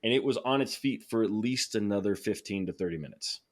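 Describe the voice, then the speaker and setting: A man tells a story on a podcast in a casual, animated way. He gets excited as he talks, laughs along, and often restarts his sentences. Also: fairly low pitch, brisk. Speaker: podcast guest.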